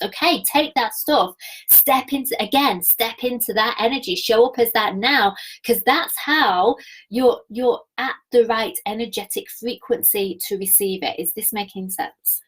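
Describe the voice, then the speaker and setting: An enthusiastic woman coaching viewers live, talking about energy and alignment and reading out their comments. Her voice is husky and slightly croaky from a week of talking. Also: on the high side, measured pace, fairly bright tone, low-quality recording. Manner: enthusiastic, spiritual, reads viewer comments aloud. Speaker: business coach. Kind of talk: live-streamed coaching session.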